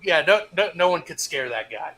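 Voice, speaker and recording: High-voiced man telling profane boot camp stories. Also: lively intonation, moderate pace, poor audio. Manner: profane storyteller, shouts out the instructors' lines. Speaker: stream co-host. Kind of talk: casual chat, telling a basic training story.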